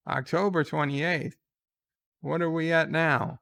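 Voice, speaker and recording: A man's voice: a little high, steady tone, slow pace, vocal fry, fairly bright tone, clear, resonant tone. A man giving casual reaction commentary on a trailer, sarcastic and exasperated as he gripes. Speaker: trailer reviewer.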